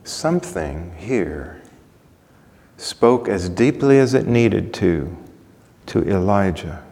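A man preaching a sermon, reading scripture aloud dramatically, his voice swelling loud and then dropping to a hush. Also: sits low, big pitch swings, slow pace. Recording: long hall reverb.

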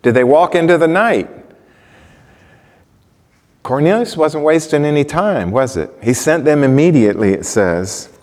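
A man's voice: on the high side, lively intonation, a little slow, pauses often, a little mellow. Male preacher, conversational sermon, questions to the listeners, long hall reverb. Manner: conversational, asks the congregation questions.

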